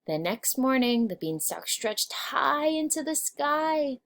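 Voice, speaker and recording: Slow, expressive woman reading aloud. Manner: expressive, varies pitch and volume with the story. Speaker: storyteller. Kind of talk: children's read-aloud narration.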